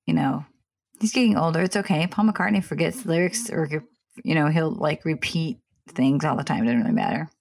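Opinionated woman with a gravelly low voice. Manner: opinionated, apologetic, rambling with restarts. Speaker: podcast co-host. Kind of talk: casual chat.

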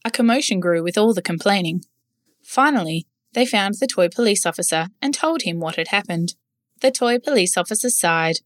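A woman reading a children's story aloud in a gentle, clear way. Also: mid-range voice, lively intonation, moderate pace, no echo, clean studio sound.

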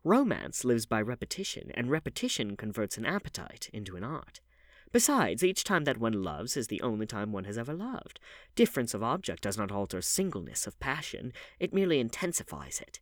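A man voicing a cynical aristocratic gentleman in an audiobook, speaking in languid, paradoxical quips. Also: mid-range voice, big pitch swings, fairly quick, no room sound, clean studio sound, voice pushed up, close to an everyday voice. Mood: expansive.

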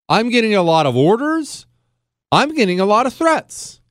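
A middle-aged man holds forth in an indignant political monologue, pitching his questions high and letting his voice leap around. The sound is dry and close, with no room around him. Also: no room sound. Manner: heated, indignant, rhetorical questions. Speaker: podcast host.

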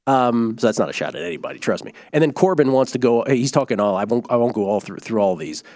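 A man hosting a sports betting podcast, explaining bets in an animated, casual way with quick asides. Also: mid-range voice, dry recording, studio quality.

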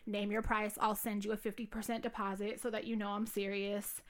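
A woman's voice: medium pitch, level tone, fairly quick. A young woman telling stories in casual, profane podcast chat, full of fillers. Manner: candid, profane, storytelling with many fillers. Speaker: podcast co-host.

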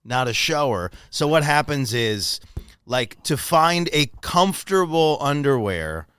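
A man hosts a relaxed, playful conversation, his voice sitting a little high and swinging widely in pitch as he jokes and laughs. The sound is dry and close to the mic. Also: a little slow, clear, resonant tone, no room sound. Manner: animated, playful, laughs often. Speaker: podcast host. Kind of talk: casual chat.

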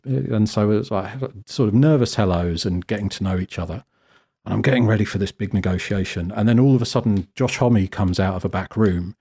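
A British man telling a lively, self-deprecating story as a guest photographer in a casual interview. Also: fairly low pitch, a little fast, slightly rough. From Britain. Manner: animated, self-deprecating, acts out quotes.

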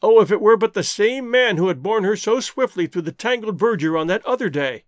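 A man narrating an adventure novel as an audiobook, with dramatic, expressive storytelling. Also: high-pitched, fairly quick, no room sound, clean studio sound.

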